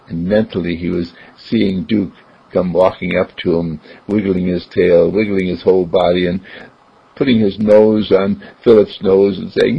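A man with a low, gravelly, raspy voice tells a story at a slow, gentle pace. His pitch swings widely from line to line. The recording is dull and lo-fi. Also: steady tone. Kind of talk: told story.

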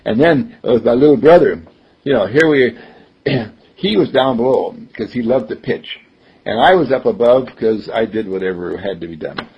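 An older man giving a conversational talk, telling stories and acting out the people in them, chuckling often. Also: fairly low pitch. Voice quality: husky, gravelly. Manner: storytelling, acts out quoted voices, chuckles often. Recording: dull lo-fi recording.

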